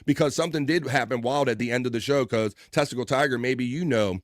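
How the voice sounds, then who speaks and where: A man's voice: medium pitch, fast, dry recording, studio quality. A man hosting a casual livestream, upbeat and playful as he reads out chat messages and greets viewers by name. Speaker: livestream host.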